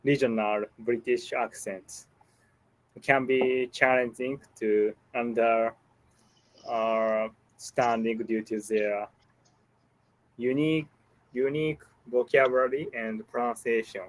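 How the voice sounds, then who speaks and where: A Japanese man learning English in an online lesson, speaking haltingly with many pauses and repeating words back. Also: mid-range voice, steady tone, poor audio. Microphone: video call.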